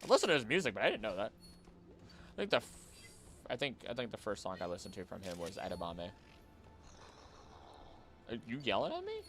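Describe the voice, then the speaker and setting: A man chatting casually on a live gaming stream, jokey and animated, talking to the creatures on screen. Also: lowish voice, fairly quick, pauses often, soft background music. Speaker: streamer and voice actor.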